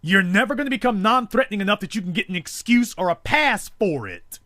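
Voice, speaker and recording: A man hosting a call-in talk show, delivering a forceful, rhetorical monologue built on repeated emphasis. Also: sits high, animated, fairly quick, no echo, clean studio sound.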